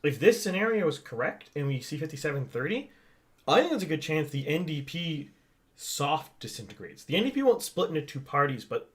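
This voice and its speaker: Guy rambling about election scenarios on a home podcast, shared mic, lots of restarts. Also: a little high. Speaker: podcast co-host. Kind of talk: casual political chat. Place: home setup, not a studio. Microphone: shared microphone.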